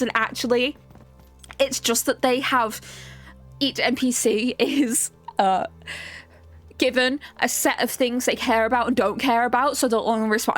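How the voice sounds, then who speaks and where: A young woman streaming a game, chatting casually and excitably, often ranting and laughing. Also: a little high, a little slow, long pauses, soft background music. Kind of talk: casual live-stream chat while playing.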